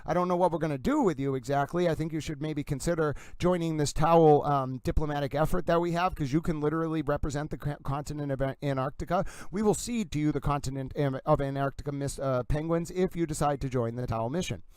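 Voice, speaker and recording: A man hosting a livestream with theatrical, effusive commentary who keeps addressing his audience as ladies and gentlemen. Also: on the high side, quick pace, few pauses, clear, resonant tone, no room sound. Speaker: livestream host.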